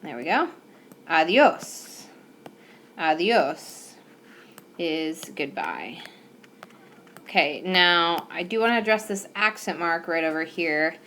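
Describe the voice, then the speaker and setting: Slow, careful woman teaching a lesson. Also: lowish voice, expressive, pushed and bright, a little hiss or hum. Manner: slow, careful, patient explanation with fillers. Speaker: Spanish teacher. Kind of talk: recorded whiteboard lesson. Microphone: tablet microphone.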